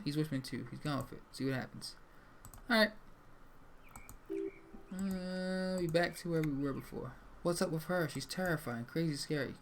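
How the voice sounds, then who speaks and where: A young man streams a game, swearing casually as he reads the dialogue aloud. His voice has a gravelly edge. Faint noise hums under the mic. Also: fairly high pitch, normal speed. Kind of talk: live gameplay commentary, reading dialogue aloud.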